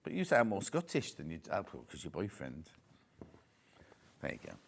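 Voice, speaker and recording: A man's voice: low voice, wildly swooping pitch, normal speed, gravelly, a little hiss or hum. A man presenting a live shopping channel show from a studio, chatty and jokey, selling fabrics and reading out viewer messages. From United Kingdom.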